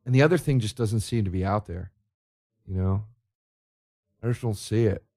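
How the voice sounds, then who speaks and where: Male comedian host, sarcastic ranting, profane, animated delivery. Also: on the low side, normal speed, creaky. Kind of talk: solo comedic rant.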